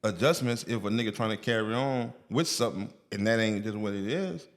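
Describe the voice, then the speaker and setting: A man's voice: on the low side, a little fast. A man with a New Orleans accent, co-hosting a podcast in blunt, emphatic casual chat full of street slang. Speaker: podcast co-host.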